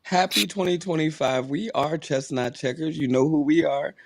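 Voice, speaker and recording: A man co-hosting a podcast, chatting excitedly and repeating himself for emphasis. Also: on the high side, moderate pace, dry recording, clean studio sound. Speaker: podcast co-host. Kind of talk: casual chat.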